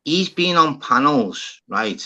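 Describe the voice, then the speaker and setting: Bright-voiced man telling stories. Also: fairly high pitch, takes it slowly. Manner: swearing, animated, acts out both sides of conversations. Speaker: livestream host. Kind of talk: casual storytelling chat. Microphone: phone on a live stream panel.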